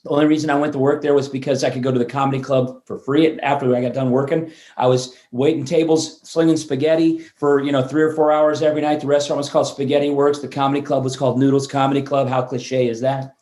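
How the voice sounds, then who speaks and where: A man in his fifties, a guest on an interview show, telling stories in a lively way and often restarting words mid-sentence. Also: medium pitch, fast, few pauses. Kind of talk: storytelling interview chat. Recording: roomy echo.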